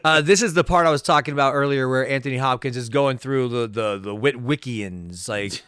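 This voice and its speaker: A man's voice: mid-range voice, fairly quick, fairly bright tone, clear, resonant tone, dry recording. Male podcast co-host, casual and profane, jokey riffing, dry close mic. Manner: profane, joking, does silly voices. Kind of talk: casual movie-riffing chat.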